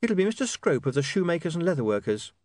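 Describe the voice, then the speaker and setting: A man's voice: on the high side, very animated, quick pace, darkish tone, no echo, voice pushed up. A man voicing a sniffling young woman who works on a newspaper and speaks in a matter-of-fact way.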